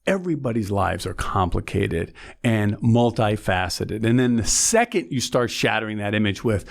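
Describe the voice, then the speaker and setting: A man's voice: on the low side, lively intonation, normal speed, gravelly, few pauses. A man, a former prosecutor co-hosting a podcast, explaining cases step by step in a casual, earnest chat. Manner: earnest, explains step by step with frequent "okay" and "right".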